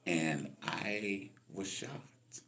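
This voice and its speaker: Deep gravelly older man telling stories. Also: drawn-out words. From Los Angeles, California. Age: 60s. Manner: animated storyteller, acts out voices in his anecdotes. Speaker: guest musician. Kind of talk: storytelling interview.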